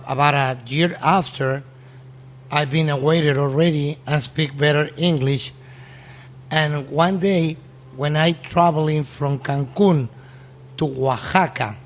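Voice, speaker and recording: A restaurant owner telling a story in casual, halting English, often restarting his sentences. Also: on the high side.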